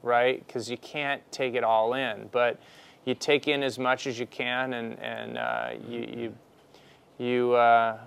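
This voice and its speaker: An entrepreneur telling students a personal story in a conversational way, with frequent restarts and "you know.". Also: male voice, mid-range voice, level tone, slow, vocal fry, clear, resonant tone.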